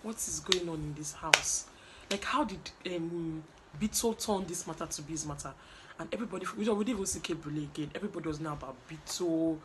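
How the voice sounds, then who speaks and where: A woman's voice: low voice, fast talker, a little hiss or hum. Chatty Nigerian woman gossiping. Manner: gossipy, chatty, acts out what people said. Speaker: vlogger recapping a reality show. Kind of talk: animated casual recap with acted quotes.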